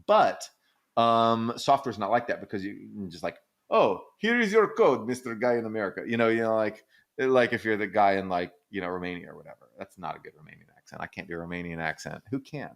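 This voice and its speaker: A man's voice: low-pitched, quick pace, gravelly. A man hosting an economics podcast, explaining in casual chat, thinking aloud with frequent restarts and fillers. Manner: animated, breaks into silly quoted voices.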